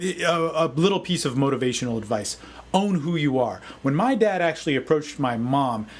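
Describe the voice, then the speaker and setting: A man giving a casual, energetic motivational talk as a dating coach, often saying "man". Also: on the high side, husky. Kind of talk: casual video talk answering a forum question.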